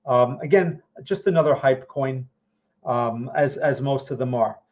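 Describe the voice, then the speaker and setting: A man's voice: mid-range voice, unhurried, a little mellow. A man hosting a live market analysis, talking viewers through charts in a loose conversational way and often checking in with them. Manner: conversational, keeps checking in with "right?" and "okay?"; repeats and restarts phrases while thinking aloud. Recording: dull lo-fi sound.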